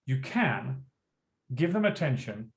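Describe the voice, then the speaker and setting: A man's voice: medium pitch, very animated, slow pace. A man in his forties, a teacher and school principal, telling classroom stories in an earnest, conversational way during an interview. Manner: earnest, storytelling, acts out classroom dialogue. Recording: echoey room.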